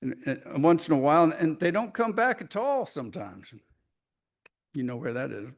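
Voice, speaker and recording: A man's voice: on the high side, very animated, normal speed, vocal fry, exaggerated voice. A man voicing a proud, scrappy barn cat in a folksy country dialect, reading a poem aloud. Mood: boastful. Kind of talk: dramatic poetry reading.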